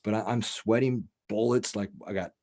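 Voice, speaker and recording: A man hosting a casual podcast, telling a wild story in a profane, rambling, animated way. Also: on the low side, moderate pace. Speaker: podcast host.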